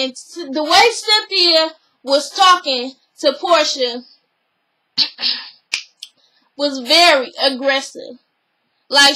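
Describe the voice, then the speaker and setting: A woman's voice: high-pitched, pushed and bright, poor audio. A young woman, casually recapping a reality show and giving her opinions. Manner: chatty, opinionated, retells scenes with quoted voices.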